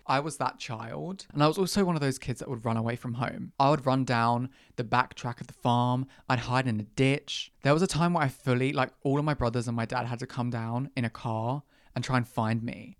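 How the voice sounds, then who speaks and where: A young man, hosting a podcast in a chatty, self-mocking way, often jumping up high in pitch. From England. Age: young adult. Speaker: podcast host. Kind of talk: casual chat.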